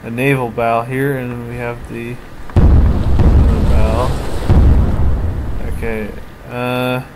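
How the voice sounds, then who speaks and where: A man's voice: mid-range voice, level tone, takes it slowly. A man giving casual commentary while playing a strategy game, thinking aloud, often trailing off and restarting his sentences. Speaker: let's play commentator. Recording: audible background noise.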